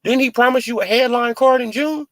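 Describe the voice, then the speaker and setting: A man giving casual, animated boxing commentary in heavy slang, mocking and joking as he goes. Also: extremely high pitch, a little fast, dry recording. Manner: animated, mocking, heavy on "you feel what I'm saying".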